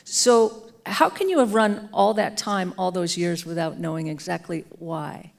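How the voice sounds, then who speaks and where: A woman's voice: on the low side, measured pace, vocal fry. A woman interviewing a guest onstage, asking thoughtful questions that she works out as she goes. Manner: thoughtful, searching questions with restarts. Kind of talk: onstage conversation. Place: auditorium stage.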